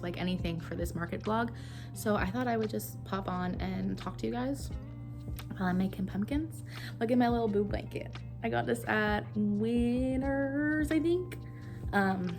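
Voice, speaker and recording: A young woman from Canada, a crochet vlogger who chats casually and rambles with lots of fillers while she works, recorded on her phone. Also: medium pitch. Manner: chatty and rambling, with many fillers.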